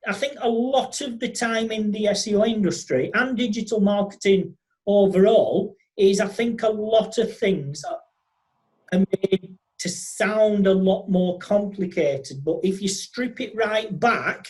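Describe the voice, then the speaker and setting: A podcast host speaks at a mid pitch. The host chats casually and enthusiastically, talking in quick, animated bursts with frequent restarts. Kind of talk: casual interview chat.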